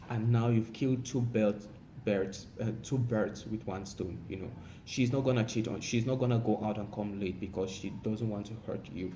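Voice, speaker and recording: Mellow man giving rambling advice. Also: lowish voice, normal speed, slight background noise. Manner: repetitive, frequent "you know" fillers. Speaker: relationship advice speaker. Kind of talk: casual advice monologue.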